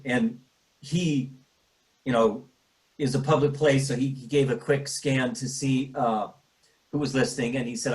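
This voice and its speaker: A middle-aged man, a grieving father, speaking in a halting way with many pauses and restarts, choked up and tearful at times. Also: medium pitch, fairly even intonation, darkish tone, rough recording. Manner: halting, full of fillers and restarts. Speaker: bereaved father. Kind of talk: emotional personal interview.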